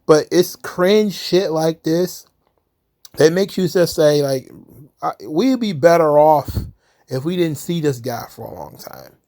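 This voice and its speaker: A man's voice: a little high, lively intonation, slow pace, a little mellow. A man hosting a commentary channel, talking casually in a sarcastic, profane way and laughing at his own jokes.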